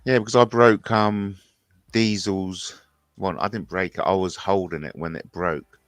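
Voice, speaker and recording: A man hosting a casual chat, soft-spoken and agreeable. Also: low voice, fairly even intonation, unhurried, no room sound, clean studio sound. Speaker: host.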